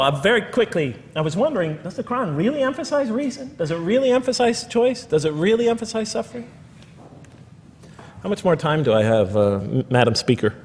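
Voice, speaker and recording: Here an American man with a somewhat high voice gives a lecture, talking in an easy way with dry jokes along the way. His voice carries a long reverb from a large hall. The tone stays that of a public lecture. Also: a little hiss or hum. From United States. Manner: conversational with wry asides.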